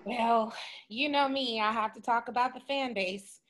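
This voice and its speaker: A woman's voice: fairly high pitch, measured pace, a bit bright. A woman, a podcast panelist, asking questions in chatty, teasing casual talk. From Texas. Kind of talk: casual interview chat.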